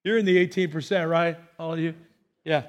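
A man's voice: fairly high pitch, fairly even intonation, fairly quick, highs cut off. A man preaching a sermon as pastor at a church service, earnest and often repeating words as he starts a phrase.

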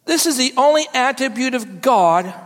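A woman pastor delivering a sermon to her church, with slow, emphatic preaching and repetition for effect. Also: high-pitched, expressive, long reverb tail.

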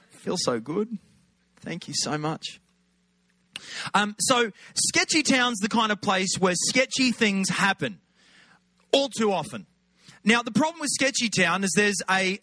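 A man's voice: high voice, sharp tone, no echo. A middle-aged Australian man giving a chatty, humorous sermon as a guest preacher. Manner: humorous, conversational, chatty asides.

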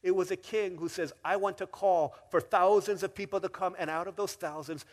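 A male pastor preaching a sermon in a lively, casual storytelling manner with slang. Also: fairly high pitch.

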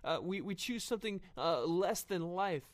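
Earnest man preaching, voice pitched slightly high. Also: expressive, normal speed. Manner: earnest, frequent fillers and restarts. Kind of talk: sermon.

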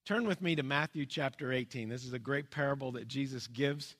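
A man preaching a sermon in an earnest, plain-spoken way. His voice sits at an ordinary middle pitch, and he often pauses and restarts. He lets key points fall low and soft. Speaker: pastor.

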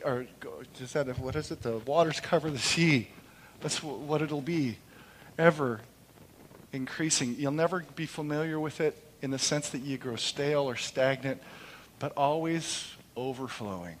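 A middle-aged man preaching a sermon in church, impassioned, moving between loud proclamation and soft, quiet storytelling. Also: fairly high pitch, moderate pace. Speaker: pastor. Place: church sanctuary during a service. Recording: long hall reverb.

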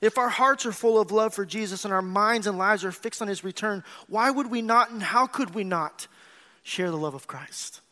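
Very high-voiced man preaching a sermon. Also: moderate pace. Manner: earnest preaching with emphatic swells and quiet, confiding drops; calls out to the congregation. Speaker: pastor.

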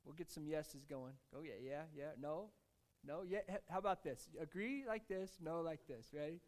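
A man's voice: fairly high pitch, moderate pace. A male pastor giving a conversational sermon to a live congregation, talking casually and now and then joking with the crowd and asking it to respond. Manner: casual, conversational preaching with fillers; jokes with and engages the congregation. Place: church in front of a congregation.

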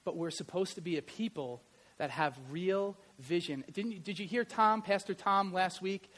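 Male pastor, middle-aged, very high voice, animated storyteller, sermon delivery. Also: normal speed. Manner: animated storytelling, varies loudness widely. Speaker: pastor and history teacher.

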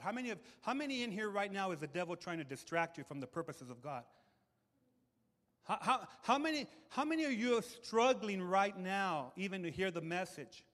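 High-voiced preacher man in a reverberant hall. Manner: animated, emphatic preaching with repeated words. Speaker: pastor. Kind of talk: sermon. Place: church hall with audience. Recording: long reverb of a large hall.

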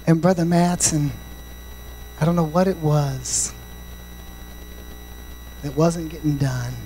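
A male pastor preaching a sermon, swinging from shouted, sing-song passages to quiet, confiding stories and dropping in "amen" and "praise God" often. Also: fairly high pitch, steady tone, slow pace, a little hiss or hum, poor audio.

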